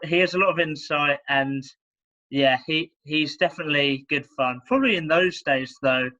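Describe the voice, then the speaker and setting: A man's voice: a little high, moderate pace, bright, forceful tone, muffled recording. A young man in his twenties with an English accent, co-hosting a casual podcast chat, talking hesitantly with fillers and laughs. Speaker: podcast co-host. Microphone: video call.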